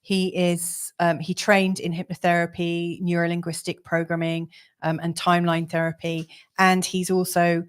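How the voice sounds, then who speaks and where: A woman co-hosting a live stream, chatting casually with many fillers and soft laughs over a video call. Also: on the low side, little pitch movement, normal speed, clean tone. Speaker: co-host of a live astrology giveaway show.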